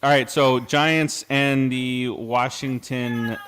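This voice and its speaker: A man's voice: mid-range voice, steady tone, slow pace, a bit bright, a little hiss or hum. Laid-back man hosting a sports podcast. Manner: laid-back, leads the segments. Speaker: podcast host. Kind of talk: casual sports chat.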